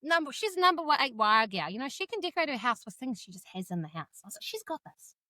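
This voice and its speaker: A woman's voice: fairly high pitch, fast, no room sound. A New woman co-hosting a podcast, telling stories with acted-out quotes in casual chat. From New Zealand. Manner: lively storyteller, acts out quotes. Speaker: podcast co-host.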